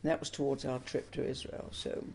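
A woman's voice: extremely low pitch, little pitch movement, fairly quick, vocal fry, darkish tone, breathy edge. An older woman from England, telling her life story in an interview with earnest emotion. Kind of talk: personal testimony interview.

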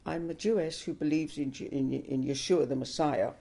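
An older woman recounts her memories as an interviewee, taking her time and chuckling now and then. Her voice has a gravelly fry running through it. The tone sits dark and mellow. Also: sits low. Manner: unhurried storyteller, chuckles while recalling. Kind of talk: telling a personal story.

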